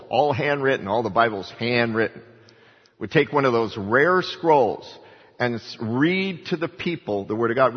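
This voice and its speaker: Older male pastor, husky voice, lively preaching, echoing hall, muffled low-fi sound. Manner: animated preaching, rises in pitch for emphasis. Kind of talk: sermon. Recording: dull, reverberant hall sound.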